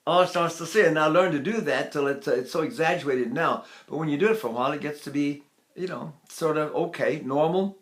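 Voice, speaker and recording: An older man leads a singing lesson, talking in a slightly high voice. He is enthusiastic and demonstrative, stopping often to sing short staccato vowels and show gasping breaths. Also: fairly quick. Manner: enthusiastic, demonstrative, breaks into sung vowels and gasps. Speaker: voice teacher. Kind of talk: vocal lesson with sung demonstrations.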